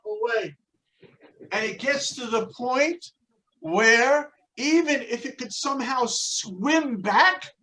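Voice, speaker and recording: A man teaching a Torah class, telling a religious story in an animated way and shifting his voice for the quotes. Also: very high-pitched, low-quality recording. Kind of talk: religious lesson with dramatic storytelling.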